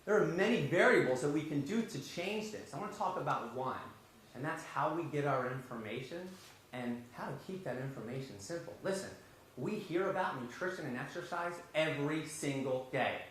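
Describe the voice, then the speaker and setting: A man telling an animated story on stage in a large, very echoey hall. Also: a little high, moderate pace, slight background noise. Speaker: public speaker. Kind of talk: storytelling talk. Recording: very echoey hall, faint ambience.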